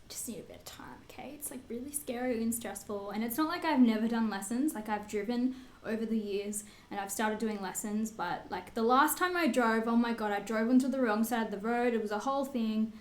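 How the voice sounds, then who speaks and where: Aussie girl in her 20s answering fan assumptions, kinda high voice, swears a lot, roomy echo. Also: moderate pace. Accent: Australian. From Australia. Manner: candid, swears freely, lots of fillers. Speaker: beauty vlogger. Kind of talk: casual chat answering assumptions.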